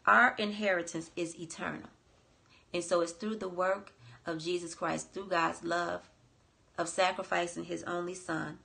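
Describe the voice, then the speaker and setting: Brief: woman host teaching a Bible lesson, earnest, gravelly, repeats for emphasis. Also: lowish voice, a bit bright. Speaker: coach and podcast host.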